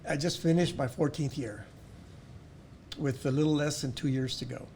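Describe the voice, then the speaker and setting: A man who owns a pharmacy and sits on the school board speaks earnestly in a casual interview, often restarting his words. His mellow voice is medium-pitched at a moderate pace, with slight background noise.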